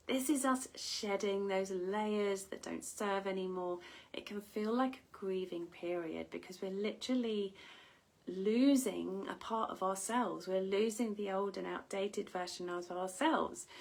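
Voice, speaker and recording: Slow-spoken woman wellness coach. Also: medium pitch, vocal fry, rough recording. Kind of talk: slow, soft motivational talk.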